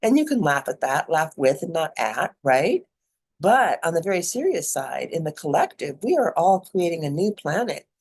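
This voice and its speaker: A woman's voice: low-pitched, sing-song, moderate pace, a little mellow, breathy edge. A middle-aged woman giving a casual spiritual talk as a mentor, chatty and digressive, often laughing.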